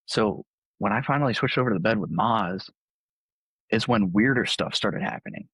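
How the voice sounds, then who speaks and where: A man's voice: fairly low pitch, animated, moderate pace, fairly bright tone, husky, no echo. A young man, a podcast guest, telling a story casually, full of "like" and acted-out quotes. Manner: laid-back, lots of "like", acts out quotes. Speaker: podcast guest, college baseball player.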